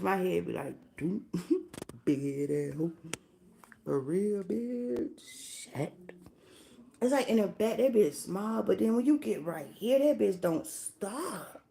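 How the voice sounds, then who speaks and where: Profane ranting young woman with gravelly voice. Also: fairly low pitch, animated, unhurried, slight background noise. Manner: blunt, profane, rhetorical questions. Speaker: livestreamer. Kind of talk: casual livestream rant.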